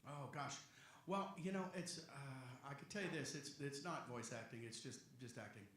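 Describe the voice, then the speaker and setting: A middle-aged man, a voice actor answering fan questions at a convention panel, joking and rambling with quick asides. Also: mid-range voice, fairly bright tone, slight background noise. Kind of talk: convention Q&A chat. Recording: echoey convention hall.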